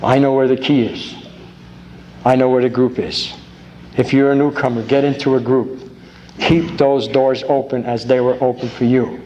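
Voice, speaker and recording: A man's voice: mid-range voice, normal speed, dull audio. A man giving a talk at a recovery convention, folksy and grateful, telling stories with jokes, recorded on an old tape in a large hall. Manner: folksy, grateful, tells jokes with rising excitement. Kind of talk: recovery meeting talk with storytelling. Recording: old tape with faint hiss.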